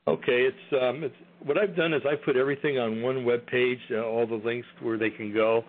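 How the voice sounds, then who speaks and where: A man's voice: mid-range voice, fairly even intonation, a little fast. A man guest in a casual interview, talking hesitantly with many fillers and restarts. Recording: tinny phone line.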